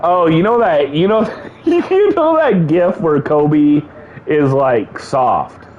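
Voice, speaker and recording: A man co-hosting a casual podcast chat, animated, laughing often and repeating himself. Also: fairly high pitch, slow, slight background noise. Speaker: podcast co-host. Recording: dull lo-fi sound.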